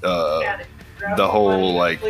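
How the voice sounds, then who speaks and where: A man's voice: deep voice, fairly even intonation, slow pace, music in the background. A man narrating a tabletop role-playing game as game master in a loose, profane style, often laughing.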